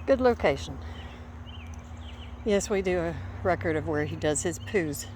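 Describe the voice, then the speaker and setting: Outdoors in a small town, a woman vlogs casually while walking her dog, a little out of breath and now and then calling commands to it. Her voice is expressive, darkish and on the low side, her pace measured, and the recording is noisy.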